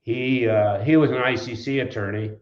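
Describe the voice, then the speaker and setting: A man's voice: medium pitch, steady tone, moderate pace, echoey room, dull audio. An older man from Wisconsin, a trucking company founder, telling rambling, folksy stories in an interview. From Wisconsin, USA. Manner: folksy, rambling anecdotes with restarts. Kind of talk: storytelling in an interview.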